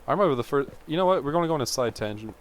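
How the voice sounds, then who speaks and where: A twentysomething male vlogger rattles off a rambling personal story at a very fast clip, his mid-range voice full of lively intonation. He's chatty, keeps interrupting himself, and peppers everything with "like," fillers, and tangents. There's slight background noise.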